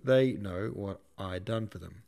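Reading a novel aloud, a man voices a pompous, brusque and boastful middle-aged shop manager, pitching the character a bit higher and louder than his narration. His delivery is unhurried and creaky.

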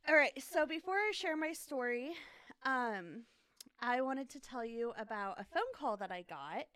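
A woman co-hosting a podcast, telling a story with quoted voices in animated casual chat. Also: on the high side, moderate pace, clear, resonant tone, no echo. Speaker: podcast co-host.

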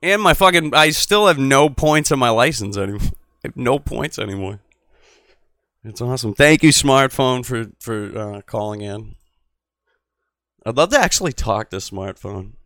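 A man's voice: mid-range voice, expressive, moderate pace, no echo, clean studio sound. Profane rambling male call-in host. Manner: rambling, profane, swings from mutter to loud. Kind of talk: profane casual call-in show.

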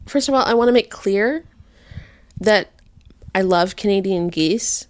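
A woman's voice: medium pitch, a little hiss or hum, close to an everyday voice. A woman playing a patient, exasperated lawyer. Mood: dry. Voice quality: calm, measured, correcting. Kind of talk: improvised comedy podcast.

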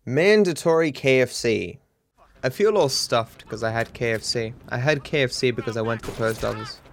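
An Australian man, a streamer, answering viewer questions in a casual, meandering way, with deadpan jokes and frequent restarts. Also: medium pitch, normal speed, slight background noise. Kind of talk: casual rambling Q&A.

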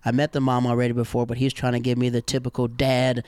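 Young Southern man, mid-pitched, lively raconteur, dry closely miked sound. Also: quick pace, clean tone, dry recording. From American South. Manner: animated, acts out quoted people in high voices, slangy. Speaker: guest telling stories. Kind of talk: casual storytelling chat.

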